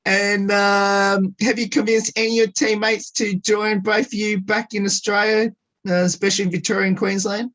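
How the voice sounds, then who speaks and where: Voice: medium pitch, little pitch movement, normal speed, a bit bright. A radio host asking interview questions over a video call.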